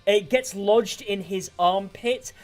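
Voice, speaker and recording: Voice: mid-range voice, slow pace. A game master narrating a tabletop fight in vivid, gory detail over faint background music.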